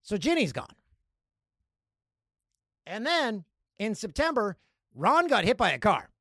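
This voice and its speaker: A man hosting a podcast, telling stories in a casual, animated way and acting out other people's lines. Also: sits high, takes it slowly, dry recording, clean studio sound. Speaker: podcast host. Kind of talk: casual storytelling.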